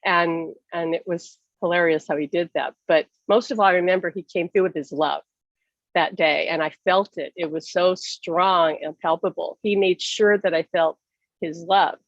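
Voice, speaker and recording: A woman's voice: fairly even intonation, moderate pace, no room sound, lo-fi sound. A woman telling an earnest, emotional personal story in a conversation over a video call. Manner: earnest and emotional, pitch leaps up when reliving distress. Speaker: summit speaker.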